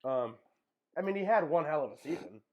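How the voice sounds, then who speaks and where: A man's voice: fairly high pitch, lively intonation, a little fast, a little mellow. A young man co-hosting a casual podcast, talking basketball with hesitant restarts. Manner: hesitant, lots of um and uh. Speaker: podcast co-host. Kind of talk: casual sports chat.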